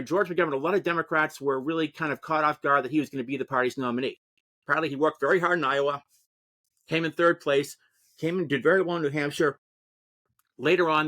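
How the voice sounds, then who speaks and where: Fast-talking man discussing politics. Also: a little high. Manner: animated, discursive storytelling. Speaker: interview guest, political commentator. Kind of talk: casual interview talk.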